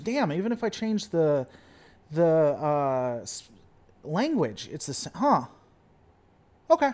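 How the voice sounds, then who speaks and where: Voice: mid-range voice, very animated, takes it slowly, pauses often, a little mellow. This is a livestream host in casual chat, answering viewers from the comments. The delivery is playful and theatrical, full of repeated stalling phrases.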